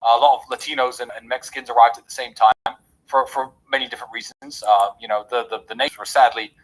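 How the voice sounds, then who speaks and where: A man's voice: mid-range voice, steady tone, fast talker, rough recording. A man talking on a podcast, blunt and opinionated, swearing freely and stumbling over restarts as he goes. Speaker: podcast guest. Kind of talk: casual chat.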